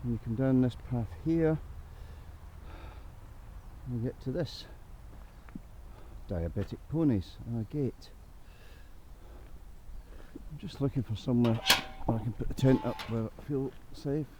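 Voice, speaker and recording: A Scottish man chats straight to a handheld camera as he hikes a wet forest path, blunt and grumbling, slightly out of breath. The sound is muffled and lo-fi, with rain and open-air noise loud behind him. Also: mid-range voice, a little slow, long pauses. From Scotland. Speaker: hiking vlogger. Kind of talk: casual walking commentary. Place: outdoors on a rainy forest trail. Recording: dull lo-fi with loud outdoor noise.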